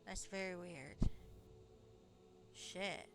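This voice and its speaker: A woman's voice: on the low side, very slow, vocal fry, fairly bright tone, soft background music. A woman streaming a game live, chatting casually in a rambling way and swearing now and then. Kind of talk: casual live gameplay commentary.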